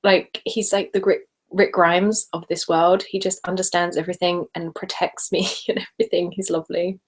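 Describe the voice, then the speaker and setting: A woman's voice: on the low side, little pitch movement, normal speed. A young woman hosting a casual live stream, chatting and giggling as she answers viewers. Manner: chatty and giggly, speaks normally rather than whispering.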